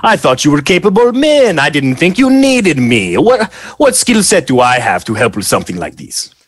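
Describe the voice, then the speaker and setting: A fed-up, chain-smoking crime boss who grumbles low and then erupts in cursing, as a man plays him in a tabletop game. His pitch swings widely. The sound is close and dry. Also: big pitch swings, moderate pace, husky, no echo. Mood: exasperated. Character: weary, exasperated male criminal boss, chain-smoking.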